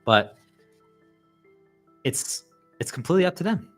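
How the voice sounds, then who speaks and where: A man's voice: fairly high pitch, measured pace, faint music behind. A man talking casually and animatedly to his viewers, rambling with lots of "like" fillers. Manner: rambling, heavy use of "like" fillers; animated, acts out quoted voices. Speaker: channel host.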